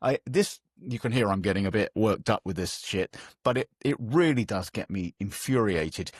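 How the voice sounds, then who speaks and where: A man with an English accent hosting a casual podcast chat, animated and given to swearing when worked up. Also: fairly low pitch, moderate pace, breathy edge, dry recording, studio quality. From England. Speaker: podcast host.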